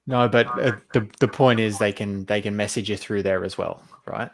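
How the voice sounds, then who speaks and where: Male host, low-ish pitch, hesitant and casual on a video call. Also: fairly even intonation, moderate pace, a little hiss or hum. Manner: hesitant, many ums and restarts. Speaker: summit host. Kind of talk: casual interview chat.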